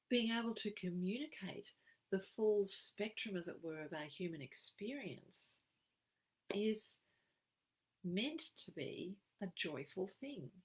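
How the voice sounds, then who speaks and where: An Australian woman giving an expressive, emphatic live-streamed wellbeing talk as a program facilitator. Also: medium pitch, husky, low-quality recording. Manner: expressive, emphatic, acts out quoted phrases.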